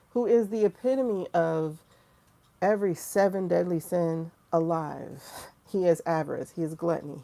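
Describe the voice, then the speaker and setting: A woman talks frankly and profanely on a livestream, acting out quotes as she tells her story. Her voice sits low and gravelly, with a dark, mellow tone. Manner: candid, profane, animated storytelling with quoted asides. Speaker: tarot livestream host. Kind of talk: casual livestream monologue.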